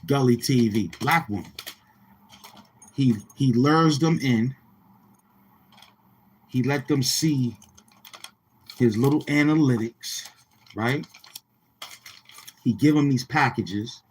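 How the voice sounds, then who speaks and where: A man's voice: mid-range voice, slow, long pauses, slight background noise. A man giving rambling, taunting street-talk commentary on his channel, repeating himself in heavy slang. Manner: repetitive, taunting, slangy delivery. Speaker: commentary vlogger.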